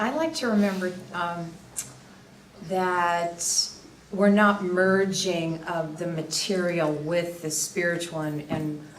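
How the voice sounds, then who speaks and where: Earnest woman reflecting at a faith workshop. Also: on the low side. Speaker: workshop speaker. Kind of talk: faith reflection to a small group. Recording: echoey room from a distance, faint background noise.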